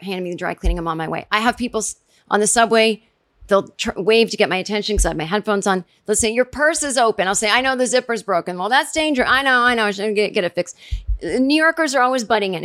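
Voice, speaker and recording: New lady ranting on her podcast, lively, squeaky when she quotes ppl, super dry close mic. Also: dry recording. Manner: animated, jumps into high voices when quoting people. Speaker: podcast host recapping a TV episode. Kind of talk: casual chat.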